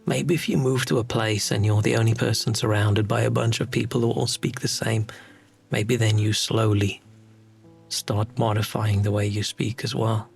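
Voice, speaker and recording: Gravelly South African man, musing aloud. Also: on the low side, level tone, normal speed, soft background music. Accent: South African English. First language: Afrikaans. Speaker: streamer. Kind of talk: casual game-stream chat.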